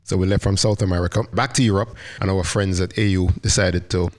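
Male co-host, lower voice, relaxed explainer of wine basics. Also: brisk. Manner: explains wine terms, gently teaching. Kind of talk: casual chat.

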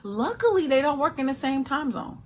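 A woman's voice: high-pitched, big pitch swings, brisk, slight background noise. A woman, an indie author, chatting casually and animatedly, acting out voices with laughter and salty language. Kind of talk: casual chat.

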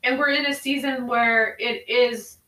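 A woman with a bright, fairly high voice talks and prays with earnest conviction, circling back over her phrases as she goes. She sits a little away from the mic in a room that rings with echo. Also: fairly even intonation, unhurried, recorded from a distance. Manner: earnest, prayerful, repeats phrases. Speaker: podcast co-host. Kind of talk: spoken prayer and devotional talk.

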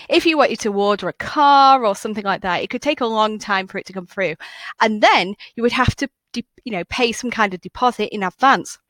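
A woman's voice: on the high side, a bit bright, dry recording. A woman hosting a history podcast, chatty, upbeat and encouraging as she explains how to write essays. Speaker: podcast host and history teacher. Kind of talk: casual educational podcast.

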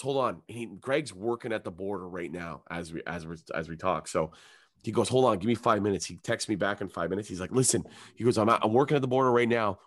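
A young man, telling a long comic story on a podcast, swearing freely and acting out voices in a raised tone. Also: on the low side. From Canada. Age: young adult. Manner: animated, profane storytelling, acts out his own and others' lines in a raised voice. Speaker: comedian guest.

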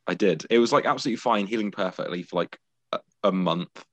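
A man's voice: low-pitched, fast. A British man co-hosting a podcast in casual, bashful, self-deprecating banter. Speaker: podcast co-host. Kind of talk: casual chat.

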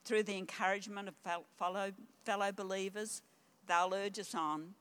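A woman's voice: medium pitch, steady tone, normal speed, fairly bright tone, smooth. An older woman preaching a sermon in an earnest, exhorting way.

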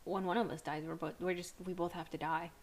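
A woman's voice: fairly low pitch, flat delivery, fast talker. A young woman co-hosting a podcast in casual chat, telling stories with dramatic retellings and swearing freely. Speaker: podcast co-host.

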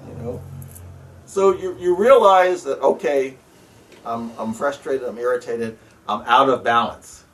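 A man speaking earnestly and casually about prayer, halting often and breaking into soft laughs. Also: medium pitch, far from the mic, slight background noise. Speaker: spiritual practitioner sharing advice. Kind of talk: casual reflective talk.

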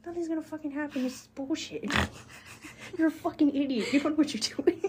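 Blunt, mellow-voiced woman who swears a lot. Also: high-pitched, a little fast, a little hiss or hum. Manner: blunt, emphatic, heavy swearing. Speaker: podcast co-host. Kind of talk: casual chat.

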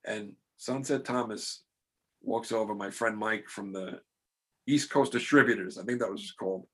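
A man's voice: fairly low pitch, normal speed, fairly bright tone, slightly rough. A middle-aged man, the podcast host, telling a rambling, self-deprecating story in casual chat.

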